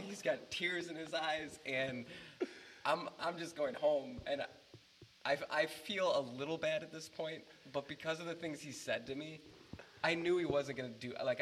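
A man spinning a story in relaxed chat, with an ordinary mid-range voice. He gets animated and swears freely, doubling back and restarting as he talks. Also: mid-range voice, a little hiss or hum.

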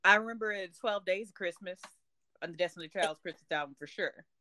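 A woman's voice: fairly low pitch, a little fast, bright, forceful tone, no echo. A woman in her thirties in a casual chat, chiming in briefly and laughing readily. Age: 30s.

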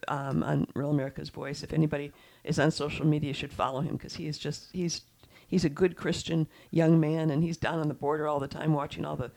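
Chatty, indignant woman with a gravelly voice. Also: deep voice, a little mellow. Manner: chatty, indignant, breathless run-on talk. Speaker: show regular commentator. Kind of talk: casual political chat.

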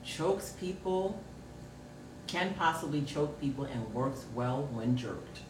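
Animated woman host in a roomy echo. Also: rumbling low, takes it slowly, far from the mic, background noise. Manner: animated, loud at times, laughs often. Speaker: podcast host. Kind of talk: casual live-stream chat.

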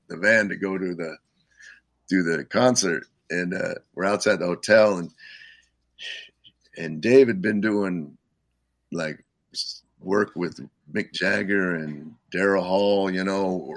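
An older man, a musician guest, telling rambling stories in casual talk, full of "you know" and quick laughs. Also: low voice, a bit bright, dry recording. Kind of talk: casual storytelling.

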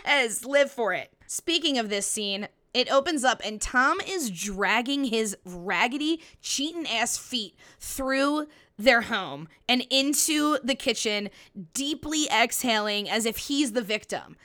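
A woman's voice: a little high, expressive, takes it slowly, bright, forceful tone. A young woman hosting a casual solo podcast, talking bluntly and animatedly, swearing freely and acting out quotes. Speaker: podcast host.

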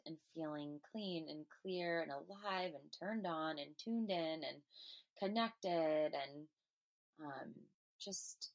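A woman podcast host talking through a personal experience in an earnest, emotional, meandering way, with many fillers. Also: low-pitched. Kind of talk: personal spiritual monologue.

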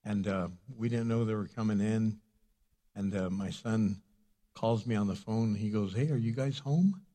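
A man's voice: on the low side, little pitch movement, a little slow, mellow. An older man preaching a sermon as pastor, telling stories in a chatty way and laughing at his own jokes.

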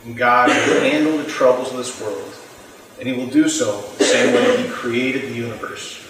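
A man's voice: medium pitch, fairly even intonation, normal speed, heavy background noise. A man giving a casual sermon to a youth group, talking in a conversational way and often checking in with his listeners. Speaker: youth pastor. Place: church youth room. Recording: very echoey room, mic far off.

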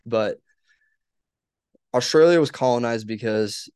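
A man's voice: mid-range voice, unhurried, darkish tone, clean tone, no room sound. Man, podcast host, casual chat, laid-back, swears, dry close recording. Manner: laid-back, swears often, laughs a lot.

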